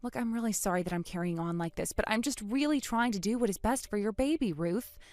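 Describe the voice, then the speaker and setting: A woman's voice: mid-range voice, fast, a little mellow, dry recording, studio quality, natural voice. A woman voicing an earnest young aunt who pleads for her brother's baby, in scripted dialogue. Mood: pleading. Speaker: voice actor in a text-story drama.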